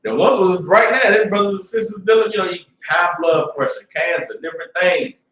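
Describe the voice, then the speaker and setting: A man with a fairly high voice preaches to a class in a loose, streetwise way, dropping to a mutter and then rising to loud bursts. He keeps checking in with his listeners. The sound is roomy and echoing, and he stands some way back from the mic. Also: a little fast, recorded from a distance. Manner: streetwise, repeats "you understand?", swings from low mutter to loud bursts. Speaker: religious class teacher.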